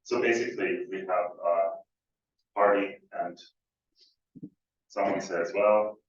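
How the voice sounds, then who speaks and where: A man's voice: sits low, little pitch movement, slow pace, slight background noise. A man giving an academic conference talk, hesitant with many fillers and restarts. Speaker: conference speaker. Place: lecture room. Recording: distant mic, echoey room, dull audio.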